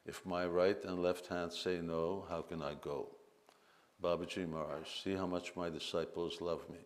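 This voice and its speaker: Deep-voiced man reading to a gathering. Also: level tone. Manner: reads quotes in a measured voice, breaks into leading chants. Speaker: speaker at a temple festival. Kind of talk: reading aloud and speaking to a gathering. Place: festival gathering with a translator.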